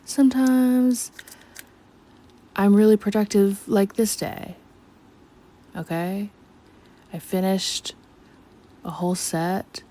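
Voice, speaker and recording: A woman's voice: medium pitch, fairly even intonation, slow pace, long pauses, mellow. A woman narrating her painting in a chatty, scattered late-night voiceover, talking to herself and slipping in and out of a country twang. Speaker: art vlogger. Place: at home at night.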